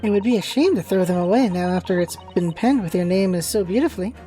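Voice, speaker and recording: A woman's voice: mid-range voice, fast talker, dark tone, soft background music, natural voice. A woman voicing an earnest, determined young male law student who speaks in a reassuring way.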